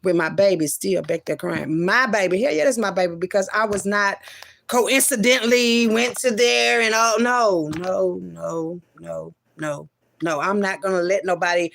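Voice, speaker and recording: A woman telling an emotional personal story as a mother, profane and emphatic, swinging between loud outbursts and low murmurs with many repeated refusals. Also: unhurried, vocal fry, a little hiss or hum.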